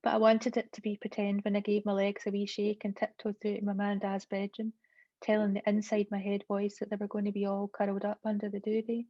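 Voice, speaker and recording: A woman's voice: mid-range voice, monotone, brisk, no echo, natural voice. A woman reading aloud from her novel as a lonely five-year-old Glasgow girl, in a Glaswegian accent, with childlike first-person storytelling. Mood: wistful. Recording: dull lo-fi dry recording.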